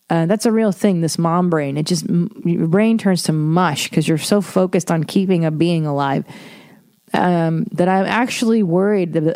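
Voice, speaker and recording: Thirties woman doing a solo podcast, swears a lot, jokes at herself, low mellow voice. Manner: frank, profane, self-deprecating, rambling. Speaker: podcast host. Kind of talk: casual solo podcast monologue.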